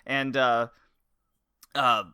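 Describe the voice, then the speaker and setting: A man's voice: mid-range voice, flat delivery, very slow, sharp tone, clear, resonant tone, dry recording, clean studio sound. A man co-hosting a podcast, chatting casually and repeating words as he gropes for them. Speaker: podcast co-host. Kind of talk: casual chat.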